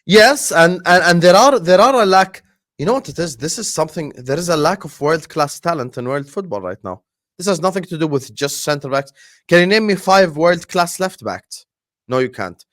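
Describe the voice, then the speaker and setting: A man's voice: fairly high pitch, lively intonation, normal speed, fairly bright tone, no room sound, studio quality. A man arguing as a football podcast pundit in casual debate, emphatic and full of rhetorical questions.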